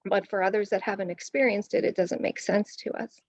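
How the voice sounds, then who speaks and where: A woman asking a question at a conference over a video call, explaining her point in a measured way. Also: mid-range voice, fairly even intonation, dry recording. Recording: dull, muffled video-call audio.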